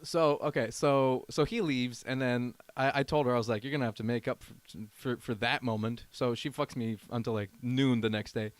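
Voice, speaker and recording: A man in his thirties tells a long, rambling anecdote as a podcast guest. He jumps in and out of the voices of the people in his story. His voice sits at an ordinary pitch, and the recording is dry with no room sound. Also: normal speed, few pauses, no echo. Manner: animated anecdote-telling, acts out quoted voices. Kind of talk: casual storytelling chat.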